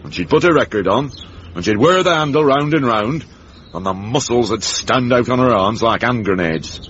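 A man's voice: mid-range voice, lively intonation, normal speed, fairly bright tone, close to an everyday voice. A wry, grumbling old uncle from the north of England, played by a man in a radio comedy. His Northern English accent carries a mock-pompous swagger. The sound is muffled like an old radio broadcast, with a faint hiss behind it. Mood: reminiscing. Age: older. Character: grumpy old northern uncle, beer-loving.

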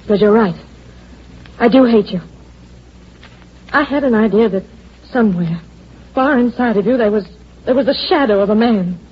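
A bitter, sharp-tongued secretary. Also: female voice, on the high side, moderate pace, pauses often, husky. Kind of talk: 1940s radio acting. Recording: dull lo-fi old radio recording with music.

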